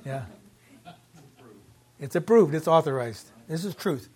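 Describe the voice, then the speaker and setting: A man preaching a sermon with a high-pitched voice. He repeats words for emphasis, reads scripture aloud and asks the congregation questions. He sometimes drifts away from the mic. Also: lively intonation, unhurried, darkish tone, breathy edge. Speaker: pastor.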